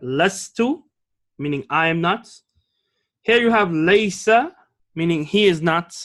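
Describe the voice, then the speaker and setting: A man teaching an Arabic grammar lesson, explaining patiently and often checking with the class. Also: a little high. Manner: reads example lines slowly and clearly.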